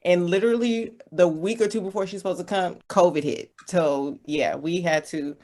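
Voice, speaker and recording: A woman's voice: lowish voice, moderate pace, warm tone. A woman from Texas co-hosting a casual podcast, friendly and chatty, laughing easily. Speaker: podcast co-host.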